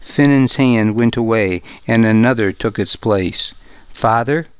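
A man narrating an audiobook in the first person, with a measured and wry delivery. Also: on the low side, clean tone, no echo.

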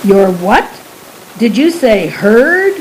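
A woman voicing a gruff lonely giant. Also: a little high, sing-song, slow, darkish tone, a little hiss or hum, rough recording. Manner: brusque, exasperated questioning. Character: gruff lonely giant man, blunt and impatient.

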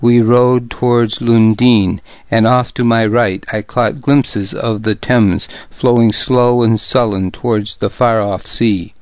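A man narrating an audiobook in the first person, in a measured and grave storytelling voice. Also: medium pitch, fairly even intonation, darkish tone, no echo. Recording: dry, slightly dull studio sound.

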